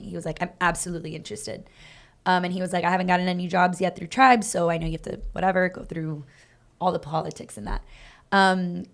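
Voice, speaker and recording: A woman with a slightly low voice hosts a casual podcast with her co-host. She tells stories with lots of energy and acts out the quoted lines. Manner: animated, acts out quoted dialogue, fast bursts. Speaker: podcast co-host, dance team coach. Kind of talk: casual storytelling chat.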